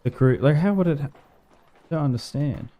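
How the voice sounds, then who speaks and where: A man's voice: fairly high pitch, lively intonation, normal speed, warm tone. A young Australian man chatting casually and rambling while streaming a game. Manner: rambling, laid-back, slangy. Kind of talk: casual livestream chat over gameplay.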